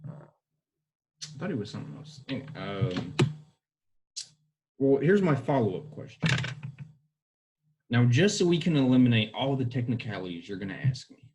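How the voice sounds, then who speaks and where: A man's voice: mid-range voice, sing-song, normal speed, pauses often, noisy background. A young man co-hosting a podcast in casual chat, rambling and hedging as he goes. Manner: rambling, hedging, self-correcting. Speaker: podcast co-host.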